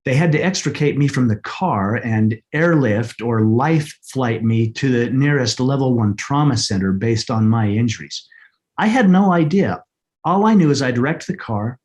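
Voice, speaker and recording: A middle-aged man telling a personal story as an interview guest, earnest and halting, often repeating words as he searches for them. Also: a little high, a little mellow. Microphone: podcast microphone.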